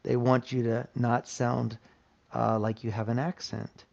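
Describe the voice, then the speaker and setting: A man's voice: medium pitch, flat delivery, unhurried, creaky, darkish tone. An American man teaching an English lesson, explaining patiently and often asking "right?". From United States. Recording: dull lo-fi sound.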